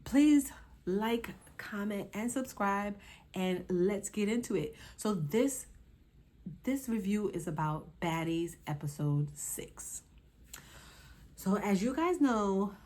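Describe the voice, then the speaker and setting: A woman's voice: on the low side, darkish tone. A young woman hosting her channel and reviewing a reality show in casual, sassy talk, exclaiming and scolding the cast directly.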